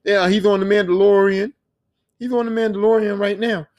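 Young male podcast host, high voice, loose and profane, rambling solo chat with boastful asides. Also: steady tone, a little fast, darkish tone. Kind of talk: casual solo podcast monologue.

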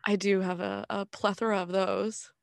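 A woman's voice: mid-range voice, normal speed, no echo, studio quality. A young woman from Canada, co-hosting a casual chat and telling stories animatedly, acting out what people said. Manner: animated storyteller who acts out quoted dialogue.

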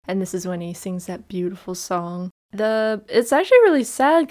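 An animated woman podcaster recaps a film in loose, casual chat. She laughs often and drops the odd swear, speaking at an ordinary middle pitch. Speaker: podcast co-host.

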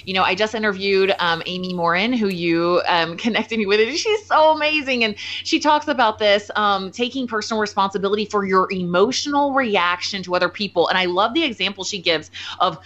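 Bright, animated woman podcast host. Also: mid-range voice, fairly quick. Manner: animated, laughs often, acts out quotes. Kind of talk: casual chat. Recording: muffled lo-fi sound.

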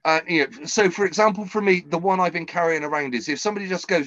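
A man hosting a casual comedy podcast, animated and swearing freely as he tells stories and gives advice. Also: fairly high pitch, quick pace, no room sound, highs cut off. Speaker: podcast host.

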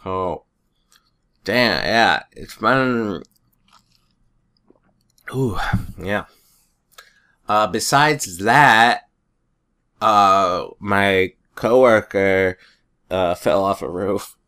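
Slow, low-voiced man telling stories. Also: pushed and bright, smooth. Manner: rambling storyteller, chuckles often. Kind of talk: casual chat.

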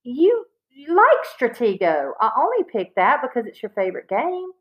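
A woman reading aloud, voicing a clever young girl who speaks calmly and matter-of-factly to her brother. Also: on the high side, moderate pace, dull audio, voice pushed up. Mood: hurt, defensive. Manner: calm, matter-of-fact. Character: clever, calm young girl, know-it-all sister.

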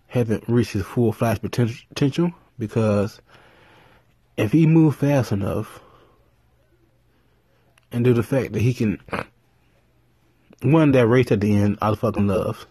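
A man talking casually on his vlog, rambling and cursing freely as he tells stories. His voice is husky and mellow, at a middle pitch. The recording is dry, with no room sound. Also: measured pace, pauses often, no echo. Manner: rambling, profane, animated storytelling. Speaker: vlogger. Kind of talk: casual commentary.

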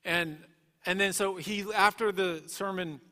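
Earnest male storyteller with a bright, slightly high voice, recorded in an echoey hall. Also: fairly even intonation, measured pace. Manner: earnest, emotional storytelling with many restarts. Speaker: guest speaker. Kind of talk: personal testimony.

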